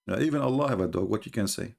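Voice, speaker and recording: A man giving live-streamed commentary in an emphatic, scornful, mocking manner, often halting with fillers and restarts. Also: on the low side, vocal fry, a little mellow.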